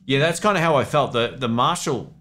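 A man's voice: mid-range voice, a little fast. A man hosting a casual live Q&A, chatting loosely and reading viewer comments aloud. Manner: relaxed, rambling, reads chat comments aloud. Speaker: livestream host answering viewer questions. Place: home studio.

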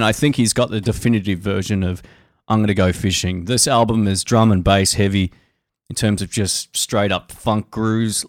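A man who plays guitar, hosting a podcast and talking casually about music and gear in a relaxed, rambling way full of fillers and restarts. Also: lowish voice, dry recording, clean studio sound. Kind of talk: casual chat.

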